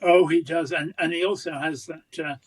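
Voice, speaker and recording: A man hosting, interviewing a guest at an event and chatting on a podcast, with frequent warm stumbling restarts. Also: fairly high pitch, steady tone, moderate pace, breathy edge. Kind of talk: stage interview, then casual chat.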